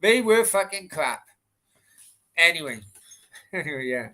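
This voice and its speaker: Male stream host, casual, swears nonstop, bright, fairly high voice. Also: sing-song, unhurried. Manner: swears constantly, rambling with restarts. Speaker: football channel host. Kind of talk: casual rambling anecdote on a live stream.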